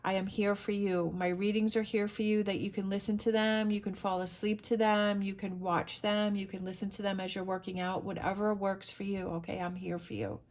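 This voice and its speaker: A woman's voice: medium pitch, flat delivery, a little fast, few pauses, darkish tone. A middle-aged woman reading tarot to camera, talking in an earnest, motivational way and repeating her phrases for emphasis. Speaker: tarot reader.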